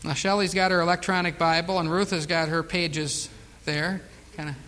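Male pastor, high voice, Bible-study sermon, slow emphatic scripture reading, chatty asides, reverberant room. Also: flat delivery. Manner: reads scripture slowly and loudly, chats and chuckles between verses. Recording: long reverb of a hall.

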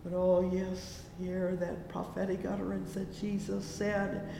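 A man preaching a sermon, slow and fervent, constantly breaking in with "oh yes" and "oh my". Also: completely flat delivery, gravelly, mellow. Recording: echoey hall with low rumble.

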